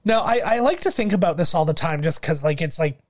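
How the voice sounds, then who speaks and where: A young man from Canada co-hosting a casual movie commentary, animated and acting out quotes with laughs. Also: a little high, quick pace. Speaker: podcast co-host.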